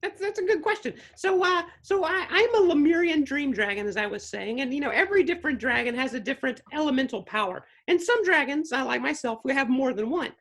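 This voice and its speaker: A bubbly, giggly dragon puppet, voiced by a man in a high, bright voice. He chats with guests in a playful, upbeat way and loves telling stories. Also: animated, fairly quick, hardly any pauses, heavily acted. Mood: cheerful. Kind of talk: puppet character interview.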